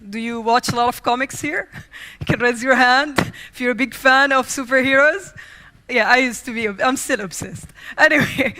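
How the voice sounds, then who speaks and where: A young woman from the Middle East giving a humorous storytelling keynote speech, acting out scenes as she goes. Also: on the high side. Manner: lively, acts out scenes and quotes. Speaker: keynote speaker. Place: conference stage.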